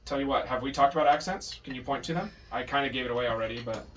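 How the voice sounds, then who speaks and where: A man's voice: mid-range voice, rapid-fire, fairly bright tone, slight background noise. A man teaching a private drum lesson, patient but firm, correcting his student and counting out beats. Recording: distant mic with drums in the room.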